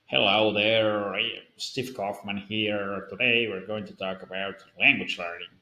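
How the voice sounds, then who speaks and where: A mock American presenter voiced by a man opens a language video at a slow, careful pace. The voice sits a little low. The room gives it a roomy echo. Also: level tone, bright, forceful tone, full character voice. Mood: mock cheerful.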